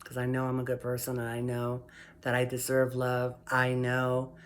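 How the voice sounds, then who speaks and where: A woman sharing her personal story in a vlog, emotional and heartfelt, speaking softly and affirming herself again and again. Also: extremely low pitch, completely flat delivery, moderate pace, a little hiss or hum. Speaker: vlogger.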